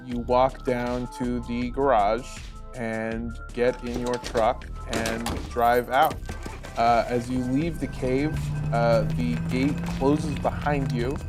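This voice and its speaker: A man narrating a tabletop role-play as game master, relaxed, with many fillers. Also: medium pitch, takes it slowly, over music.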